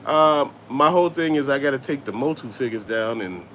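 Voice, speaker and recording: A man's voice: medium pitch, expressive, a little fast, a bit bright. Man, middle-aged, Southern US accent, casual livestream host, rambling storyteller, curses a lot, faint background noise. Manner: laid-back, swearing, storytelling, reads chat aloud. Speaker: toy collector livestream host.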